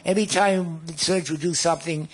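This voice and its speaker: A husky old man in his nineties who spins long anecdotes, stumbling over and repeating words as he goes. His voice sits a touch high and sounds a little worn and breathy. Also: fairly even intonation, normal speed. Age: 90s. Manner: rambling, repeats words, chuckles at his own tales. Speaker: guest musician. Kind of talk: storytelling reminiscence.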